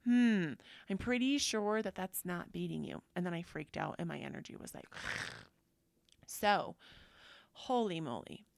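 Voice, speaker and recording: A woman hosting a podcast, telling personal stories in a chatty, animated way and acting out what people said. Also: fairly low pitch, measured pace, vocal fry, no room sound. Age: adult. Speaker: podcast host. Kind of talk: casual personal storytelling.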